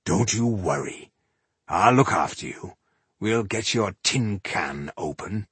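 A man voicing a cheerful male dwarf warrior who teases his friend, husky-voiced and easygoing. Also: lowish voice, expressive, takes it slowly, a bit bright, no echo, exaggerated voice. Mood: teasing. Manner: jovial, mocking, easygoing.

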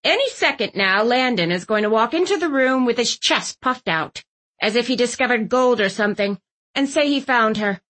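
A woman doing a bossy elderly aunt from an audiobook, deadpan and snappish. She barks orders in a raised, carrying voice that sits above the reader's usual pitch. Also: moderate pace. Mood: mocking.

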